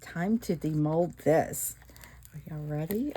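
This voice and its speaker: A woman's voice: low-pitched, slow pace, creaky. A middle-aged woman, chatting casually to viewers while crafting and gushing over her work, often dropping to an awed whisper. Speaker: resin craft vlogger.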